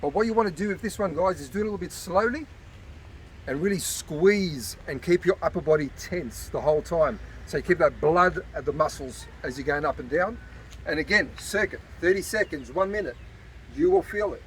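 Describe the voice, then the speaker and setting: At a beach park, a man speaking at a fairly high pitch and a fairly quick pace coaches viewers through his workout, a little winded but upbeat. This casual fitness demonstration comes through a far-off outdoor mic, with traffic audible.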